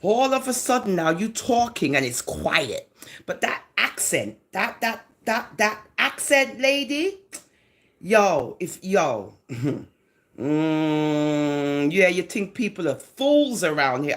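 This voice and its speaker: A Jamaican woman ranting in a vlog, her lowish voice swooping up and down as she mocks and scolds. She sounds sarcastic and animated, leaning into her patois. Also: takes it slowly. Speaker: social media commentator.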